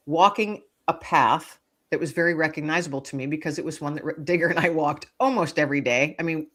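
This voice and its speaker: A woman who is a guest author, telling a personal story in a casual interview and acting out the quotes with lively expression. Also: deep voice.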